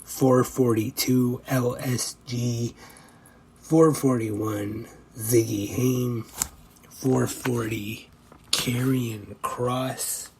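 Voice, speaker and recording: Man, podcast host, gravelly and slightly hoarse, very slow, monotone list reading, faint background noise. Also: mid-range voice, poor audio. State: losing his voice a little.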